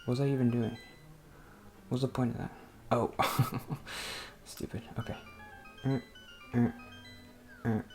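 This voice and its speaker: An unhurried New Jersey man with a mid-range, darkish voice and flat delivery hosts a let's play, leaving long pauses over soft background music. He rambles through casual commentary, hesitating, filling gaps with fillers, interrupting himself and muttering at the game.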